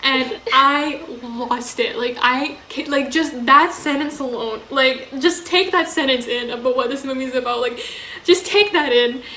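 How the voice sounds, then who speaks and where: A woman's voice: high-pitched, measured pace, sharp tone. A young woman co-hosting a podcast, telling a story through laughter in casual chat, full of likes. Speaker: podcast co-host. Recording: roomy echo, faint hiss.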